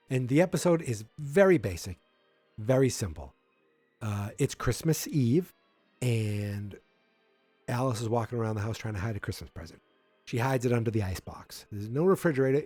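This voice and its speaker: A man hosting a podcast, casually recapping an old episode in a rambling, chatty way, full of fillers and quick acted-out quotes. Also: mid-range voice, darkish tone, dry recording. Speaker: podcast host. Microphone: podcast microphone.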